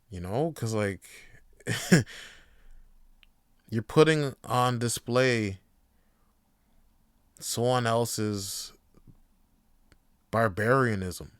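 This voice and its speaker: A man's voice: on the low side, dry recording, clean studio sound. A man hosting a podcast, talking in a casual, rambling way and ranting with plenty of swearing. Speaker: podcast host.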